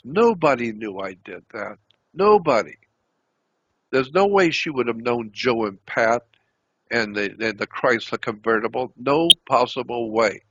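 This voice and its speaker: A man's voice: medium pitch, fairly bright tone. An older man telling a story at length, repeating himself as he recounts what was said to him. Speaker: interview guest. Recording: dull lo-fi recording.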